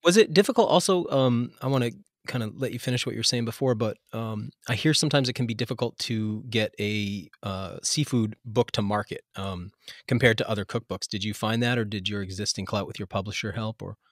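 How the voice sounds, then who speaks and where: A man hosts a podcast interview and asks curious questions, often with fillers. His voice sits low, and the sound is dry and close. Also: fairly quick, no echo. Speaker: podcast host.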